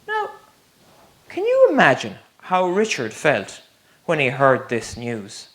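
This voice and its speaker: A man's voice: fairly high pitch, slow. A man, a teacher telling a story to children in a playful way and asking them questions. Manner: animated, playful, asks the listeners questions. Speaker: primary school teacher, storyteller.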